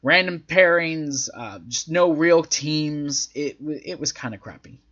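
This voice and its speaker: A man's voice: on the high side, unhurried, fairly bright tone. A man hosting a casual recap, rambling along with lots of fillers as he retells events. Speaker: host. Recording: dull lo-fi audio.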